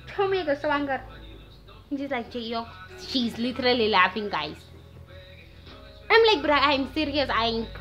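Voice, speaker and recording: A nineteen-year-old woman from Namibia with a Namibian accent, telling a story in a casual, animated vlog and slipping into Afrikaans slang. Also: fairly high pitch. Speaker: vlogger. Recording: dull lo-fi sound with faint music.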